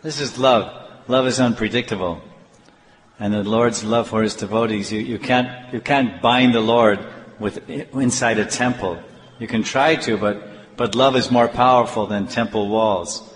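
Guy telling temple stories, lively with restarts, echoey hall. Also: fairly low pitch, a little hiss or hum. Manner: animated, with halting restarts. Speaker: devotional storyteller. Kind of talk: storytelling sermon. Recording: echoey hall, faint ambience.

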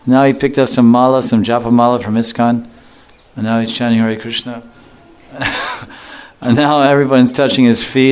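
A man teaching a devotional scripture class in a relaxed, joking way, often chuckling. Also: medium pitch, smooth. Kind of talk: scripture lecture.

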